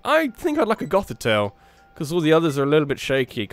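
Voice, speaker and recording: A man hosting a let's play, giving rambling, animated gameplay commentary with frequent restarts. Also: a little high, fast. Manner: animated, rambling, self-interrupting.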